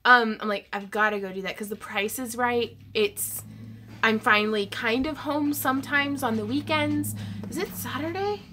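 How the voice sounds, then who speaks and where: A chatty woman hosts a casual craft livestream. She talks in a fairly high voice, giggles often, and reads viewer comments aloud. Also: normal speed, bright, forceful tone, a little hiss or hum.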